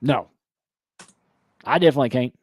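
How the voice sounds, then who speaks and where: A man's voice: mid-range voice, moderate pace, darkish tone, slightly rough, no room sound. Rambling, laughing man host, dry sound. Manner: rambling, restarts, frequent laughs. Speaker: podcast host. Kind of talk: casual live-stream chat.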